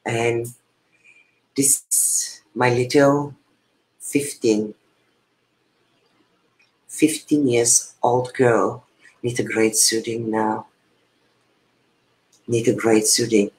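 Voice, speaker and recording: Woman, spiritual coach, interview guest. Unhurried, earnest, halting and repetitive. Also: rumbling low, steady tone, a little mellow, poor audio. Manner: earnest, halting, with repeated phrases and restarts. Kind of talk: heartfelt personal sharing in conversation.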